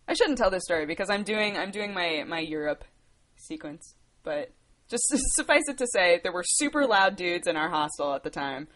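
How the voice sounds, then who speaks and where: A woman's voice: lowish voice, expressive, normal speed, fairly bright tone. A woman in her twenties from the United States, chatting casually on a livestream, rambling and laughing as she answers viewer questions. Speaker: livestream host.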